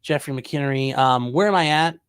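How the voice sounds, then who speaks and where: Man, from Ohio, stream host, casual chat, reads comments, dry jokes, mid pitch, dead room. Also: normal speed, a bit bright, clear, resonant tone, dry recording. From Ohio, USA. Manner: reads viewer comments aloud and answers with dry, joking asides. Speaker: livestream host reading chat.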